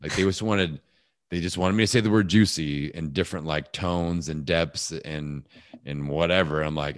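A man with a big, deep voice, talking casually as a guest in a podcast interview and telling animated stories. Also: normal speed, no echo, clean studio sound. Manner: animated storyteller, acts out voices.

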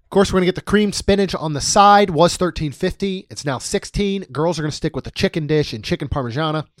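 A man's voice: on the high side, fast, no room sound, clean studio sound. A man co-hosting a podcast in casual chat, reading out prices with jokey asides. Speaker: podcast co-host. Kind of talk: casual podcast chat about theme park costs.

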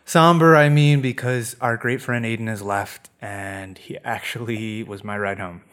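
A man's voice: lowish voice, fairly even intonation, measured pace, clear, resonant tone. A man co-hosting a comedy podcast, dropping dry sarcastic remarks. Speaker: podcast co-host. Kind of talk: casual comedy chat.

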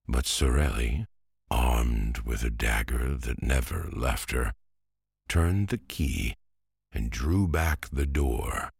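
A man narrating a classic novel as a bedtime story, soft and lulling. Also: rumbling low, vocal fry, husky, dry recording, clean studio sound.

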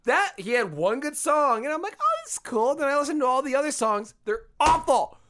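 A man's voice: very high-pitched, lively intonation, fairly quick, background noise. A man co-hosting a podcast in casual chat, blunt and profane, ranting about music. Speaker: podcast co-host.

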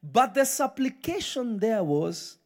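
A high, lively preacher, slow and fervent. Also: male voice. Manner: reads scripture slowly, then bursts into impassioned shouting. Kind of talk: live sermon. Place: church sanctuary.

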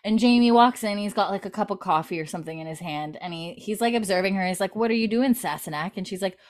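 A woman's voice: mid-range voice, quick pace. A woman co-hosting a casual chat, animatedly retelling a TV scene with many fillers. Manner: animated storytelling, many "like" fillers, laughs often. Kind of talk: casual chat, recapping a TV episode.

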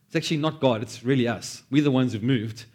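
A man preaching a sermon, animated, acting out quoted prayers and joking at his own expense. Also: medium pitch, fast. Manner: animated, acts out quoted prayers, self-deprecating asides. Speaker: pastor.

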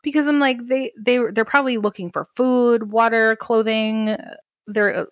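A woman co-hosting a podcast, recapping a movie plot in casual chat, full of "like" and quick asides. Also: a little high, fairly even intonation, no echo, studio quality. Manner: chatty, recaps plot with frequent "like" and laughs. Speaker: podcast co-host.

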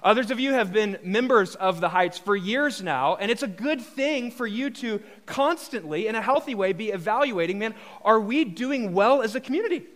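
A man's voice: high voice, expressive, normal speed, hardly any pauses, fairly bright tone. A man preaching a live sermon as pastor, casual and joking, asking the congregation rhetorical questions. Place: church hall with a congregation.

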